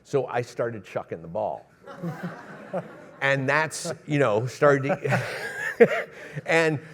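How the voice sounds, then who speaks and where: A middle-aged man, a cinematographer, telling stories on an expo stage with lively quoted voices and laughter. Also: medium pitch, very slow. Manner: animated storyteller, acts out quotes, laughs often. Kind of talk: storytelling on a panel. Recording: reverberant expo hall.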